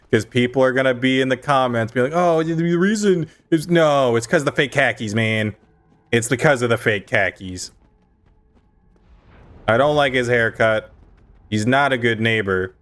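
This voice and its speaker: A man's voice: medium pitch, fairly bright tone. A young adult man streaming a game, chatting casually and ranting with emphatic, mock-outraged insistence. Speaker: gaming streamer.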